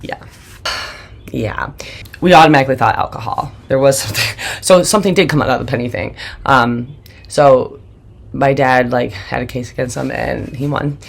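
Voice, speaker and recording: A woman's voice: very deep voice, moderate pace, gravelly, pauses often. A woman hosting her own show, telling a candid personal story in a blunt, emotional way and swearing often. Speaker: host.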